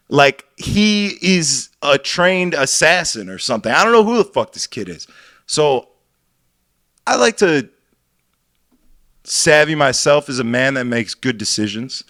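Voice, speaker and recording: A man's voice: a little high, very animated, a little slow, fairly bright tone, dry recording, clean studio sound. A young man co-hosting a podcast, telling a rambling, profane story about DJing in casual chat. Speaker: podcast co-host and DJ.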